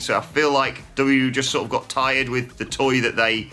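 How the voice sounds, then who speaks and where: Bright-voiced man chatting news. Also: mid-range voice, level tone, normal speed, faint music behind. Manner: chatty, opinionated, with mild swearing. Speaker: wrestling news host. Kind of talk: casual news chat.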